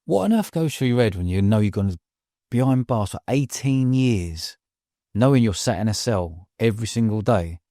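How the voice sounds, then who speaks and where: A man hosting a podcast, asking quick, inquisitive follow-up questions. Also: lowish voice, expressive, warm tone, no room sound, clean studio sound. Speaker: podcast host. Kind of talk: casual interview.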